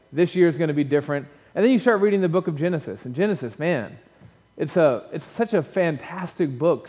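A man preaches from the pulpit in a loose, joking way, chatting with his congregation between points. His voice sits fairly high. The recording is muffled and lo-fi, with a long reverb tail from the church hall. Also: a little mellow. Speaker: pastor. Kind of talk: sermon. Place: church sanctuary.

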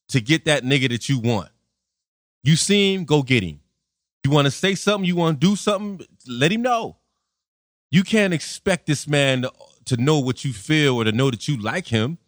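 A man's voice: on the high side, no room sound, clean studio sound. A man in a casual monologue rant, blunt, profane and exasperated.

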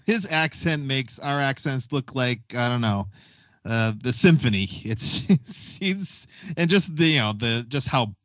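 A man's voice: medium pitch, lively intonation, unhurried, fairly bright tone, no echo. A man from New England with its accent, co-hosting a podcast in wry, joking casual chat. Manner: wry, joking, laughs through remarks. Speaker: podcast co-host. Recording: dry, dull lo-fi mic.

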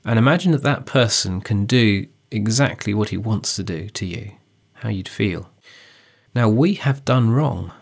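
A man discussing how to preach a passage, speaking in an earnest, measured way with emphasis on key phrases. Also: lowish voice, gravelly, breathy edge. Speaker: preacher giving a preaching guide. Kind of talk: teaching dialogue on sermon preparation.

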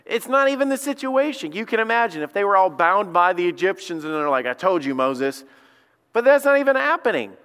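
Pastor preaching in an echoing hall. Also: male voice, high-pitched, sing-song, brisk, fairly bright tone, clean tone. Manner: conversational preaching, acts out quotes. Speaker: lead pastor. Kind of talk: sermon. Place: church sanctuary. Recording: long church hall reverb.

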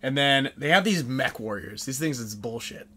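A man hosting a podcast, telling a lively story in casual chat and acting out the people in it. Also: mid-range voice, moderate pace, slight background noise. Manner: animated storyteller, acts out voices, frequent laughs. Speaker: podcast host.

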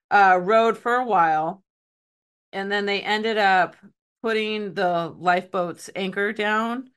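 A woman's voice: mid-range voice, a bit bright, smooth. A woman telling a story in a casual podcast chat. She laughs often and fills her talk with "like". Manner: chatty, laughs often, many "like" fillers.

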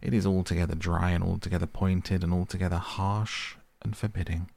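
A man voicing a small, polite, wistful boy prince in an audiobook reading, earnest and soft. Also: low voice, little pitch movement, fairly quick, gravelly, no echo. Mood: lonely.

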